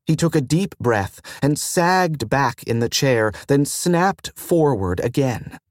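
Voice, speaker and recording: Male audiobook narrator, slow and even, dry close-mic sound. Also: medium pitch, no echo. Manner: measured, even reading. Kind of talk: scripted narration.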